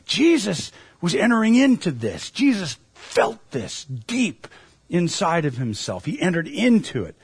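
A man's voice: high voice, wildly swooping pitch, measured pace, husky, dry recording. A man preaching a sermon as a pastor, earnest and emphatic, asking his listeners questions.

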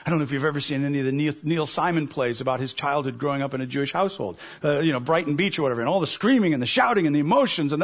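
High husky-voiced male preacher. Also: very fast, few pauses. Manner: animated storyteller, acts out voices. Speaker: pastor. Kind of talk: sermon.

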